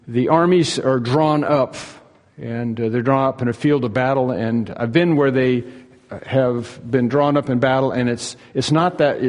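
A man preaching a sermon, telling the story in a folksy, humorous way with many fillers and pauses. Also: medium pitch, a little mellow, big-room sound. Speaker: pastor.

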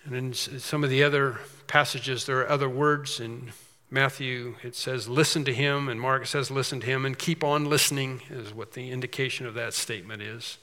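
A male preacher with a bright, forceful voice works through a scripture passage in a sermon. He lifts his voice for the quoted verses and drops into quick explanatory asides with frequent restarts. His voice rings with the long reverb of a large church hall. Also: medium pitch, steady tone. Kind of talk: expository sermon, reading scripture aloud.

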